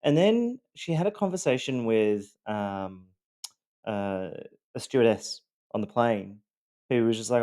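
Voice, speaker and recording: A man's voice: medium pitch, lively intonation, moderate pace, dark tone. A man with an Australian accent, telling his own story in a loosely scripted monologue, rambling with many ums and a wry, self-deprecating edge.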